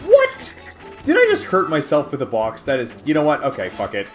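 A man hosting a let's-play, giving excitable, casual commentary, swearing at and taunting enemies. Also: medium pitch, fast talker, over music. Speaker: gaming channel host.

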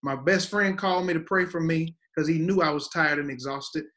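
Guest pastor, man, fairly high voice, preacher's emphatic cadence. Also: brisk, sharp tone, a little hiss or hum. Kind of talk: preaching-style teaching conversation.

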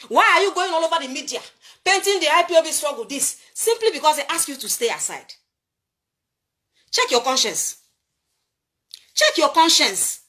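A Nigerian woman with a very high, bright voice, delivering an impassioned commentary. She sounds preachy and emphatic and keeps firing rhetorical questions. Her tone is forceful and sharp. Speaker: political commentator.

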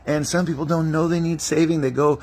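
A man's voice: on the high side, fairly even intonation, a little fast, a little mellow, husky. A man preaching a testimony-style sermon as an evangelist, telling stories animatedly and acting out prayers and dialogue.

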